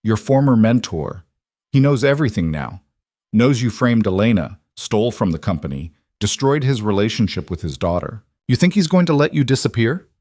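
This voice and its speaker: A steady, determined father, voiced by a man, who is persuasive under pressure. His voice is low and close, in a dry room. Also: normal speed, no room sound.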